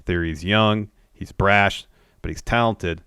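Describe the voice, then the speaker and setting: Low laid-back male podcast co-host. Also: slow, clear, resonant tone, dry recording, studio quality. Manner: laid-back, reads out quotes flatly. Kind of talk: casual wrestling recap chat.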